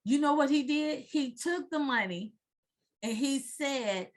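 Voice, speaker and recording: A middle-aged woman, a pastor and investor, telling her story in an interview with fervent preacher-like delivery, quoting scripture and building up to shouts. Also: high voice, slow pace.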